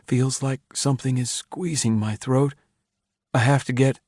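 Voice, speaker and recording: A man voicing a frightened, grieving man who speaks in a strained, halting way. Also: medium pitch, steady tone, darkish tone, no echo, clean studio sound, voice pushed up.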